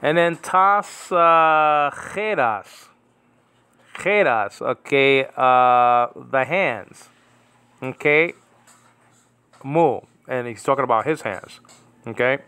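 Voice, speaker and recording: A man teaching New Testament Greek in a casual, rambling way, slowly repeating the Greek words and chuckling now and then. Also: medium pitch, lively intonation, sharp tone, clear, resonant tone. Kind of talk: casual Bible Greek lesson.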